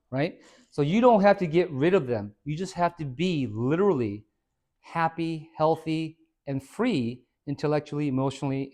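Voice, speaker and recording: A middle-aged man with a voice a little higher than most gives an upbeat fitness talk to a small audience. He tells lively anecdotes, switches voices for the people in his stories, and plays up the jokes. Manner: animated storyteller acting out dialogue, jokey. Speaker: fitness coach and speaker. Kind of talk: motivational talk to a small group. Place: hair salon, indoors.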